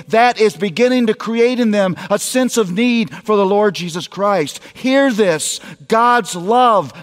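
A man's voice: high-pitched, long reverb tail. A man preaching a sermon, emphatic and speaking straight to the parents in his audience. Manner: emphatic, addresses parents directly.

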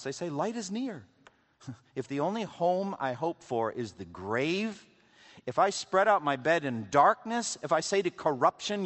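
A man's voice: a little high, a bit bright. Preaching man in a reverberant hall. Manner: conversational preaching, reads scripture aloud, wry asides. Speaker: pastor. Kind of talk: sermon. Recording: long reverb of a large hall.

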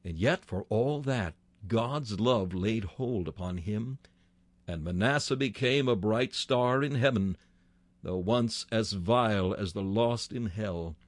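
A man's voice: on the low side, takes it slowly, dry recording. A man preaching a sermon with fervent delivery, his voice rising sharply on key words.

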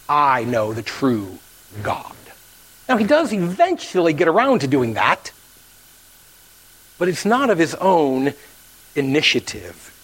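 Animated preacher man with a fairly high voice. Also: slow, long pauses, breathy edge, poor audio. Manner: animated preaching, acts out the story characters, drops to near whispers. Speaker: pastor. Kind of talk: sermon.

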